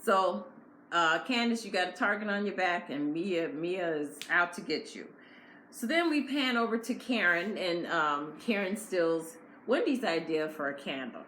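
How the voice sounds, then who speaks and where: A woman's voice: lowish voice, expressive, a little slow, fairly bright tone. A woman giving a casual, blunt and opinionated recap of a reality show episode. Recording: echoey room with faint noise.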